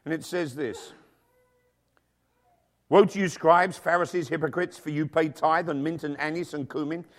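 A man's voice: fairly high pitch, fairly even intonation, fairly quick. A middle-aged man preaching a sermon to his church, emphatic and full of rhetorical questions. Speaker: pastor. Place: church with congregation and children.

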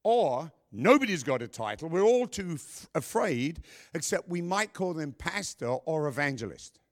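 A man's voice: fairly high pitch, sing-song, normal speed. A male pastor preaching a sermon, emphatic and conversational, breaking off for joking asides to his congregation.

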